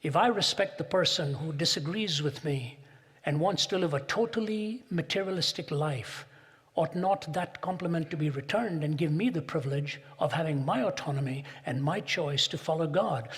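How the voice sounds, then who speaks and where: A man's voice: fairly high pitch, moderate pace, breathy edge. A man giving a public lecture, rhetorical and building to emphatic peaks, recorded in a large auditorium. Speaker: speaker. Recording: long reverb in a big hall.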